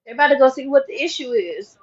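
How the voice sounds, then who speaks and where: A woman with a high voice rants casually into the camera, repeating lines for emphasis as she talks straight to the viewer. The recording sounds dull and lo-fi. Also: expressive, fast, breathy edge.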